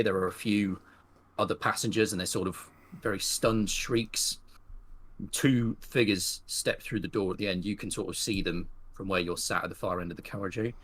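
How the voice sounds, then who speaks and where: A man narrating a western tabletop game as game master, rambling through his scenes with many fillers. His voice sits on the low side.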